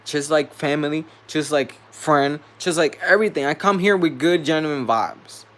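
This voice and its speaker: A man's voice: on the high side, normal speed, a bit bright. A man venting to camera in a vlog, angry and profane, repeating himself as he rants. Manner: heated, profane, repetitive venting. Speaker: vlogger.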